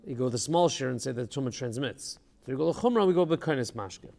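Gravelly man teaching a study session. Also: mid-range voice, expressive, fast, darkish tone, long reverb tail. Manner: mixes Hebrew terms into English, thinks aloud, asks questions.

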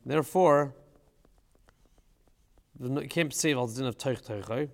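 A man's voice: mid-range voice, measured pace, gravelly, darkish tone, in a large hall. A man teaching a casual study session, thinking aloud and asking questions, with Hebrew terms mixed into his English.

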